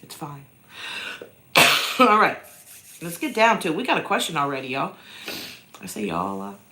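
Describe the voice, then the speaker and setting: A woman's voice: mid-range voice, lively intonation, moderate pace, vocal fry, sharp tone. A woman hosting a casual livestream chat from home, rambling and self-mocking, with a cough that keeps breaking into her voice. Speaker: host answering viewer questions. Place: downstairs at home.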